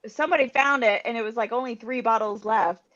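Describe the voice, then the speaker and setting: A woman's voice: a little high, quick pace, fairly bright tone, highs cut off. A woman chatting animatedly in a casual group conversation.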